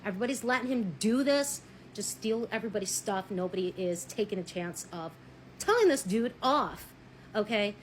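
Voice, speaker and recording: A woman telling a personal story in a blunt, animated way, swearing freely and acting out what people said. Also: medium pitch, a little hiss or hum, low-quality recording. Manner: married. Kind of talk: casual storytelling.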